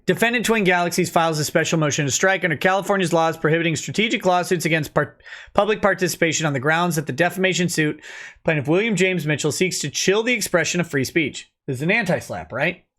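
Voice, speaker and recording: A man's voice: a little high, fast talker, a bit bright. Chatty male livestream host. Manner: chatty, reads chat comments aloud and reacts. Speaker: livestream host reading chat. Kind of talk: casual livestream commentary.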